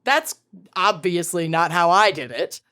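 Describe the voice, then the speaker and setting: A woman's voice: on the low side, measured pace. A woman co-hosting a podcast in casual chat, telling stories with dramatic retellings. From Minnesota. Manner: animated storyteller, dramatic retelling. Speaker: podcast co-host.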